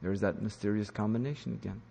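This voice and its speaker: A man preaching a sermon, teaching in an emphatic style that rises to loud commands. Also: fairly low pitch, fairly even intonation, fast talker, vocal fry, slightly rough. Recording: long hall reverb.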